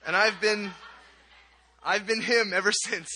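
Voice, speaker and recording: A man's voice: high-pitched, steady tone, unhurried, pushed and bright, a little hiss or hum. A young man in his twenties who grew up in Kenya, giving a chatty, self-deprecating camp sermon with prayer and stories, often restarting his phrases. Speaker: camp speaker. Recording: long hall reverb.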